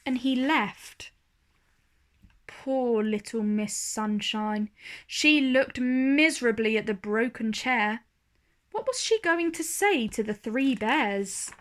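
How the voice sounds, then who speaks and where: A woman reads a children's storybook aloud at a slow, unhurried pace. Her voice sits fairly high and she reads expressively, storyteller style. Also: a bit bright.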